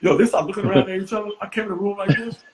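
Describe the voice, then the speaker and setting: Animated, profane male storyteller. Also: high voice, rapid-fire, crowd noise, rough recording. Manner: animated, profane, acts out voices. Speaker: guest comedian. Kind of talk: casual podcast storytelling.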